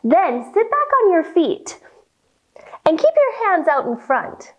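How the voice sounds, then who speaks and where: A woman's voice: very high-pitched, sing-song, slow pace, lo-fi sound. A woman teaching yoga to children, giving playful sing-song instructions during a storytime. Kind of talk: guiding a kids' yoga storytime.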